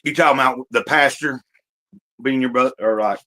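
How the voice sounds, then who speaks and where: A man's voice: medium pitch, fairly quick, pushed and bright, low-quality recording. A man hosting a casual livestream from home, rambling and restarting his sentences, with many fillers and the odd cough. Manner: talks while eating, occasional coughs. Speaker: livestream host.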